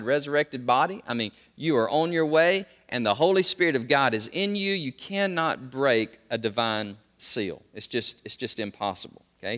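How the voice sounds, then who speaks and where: A male preacher delivers a sermon in a church sanctuary. His bright voice swings widely in pitch, climbing to loud exclamations and dropping to quiet emphasis. The sound carries a long reverb from the large hall.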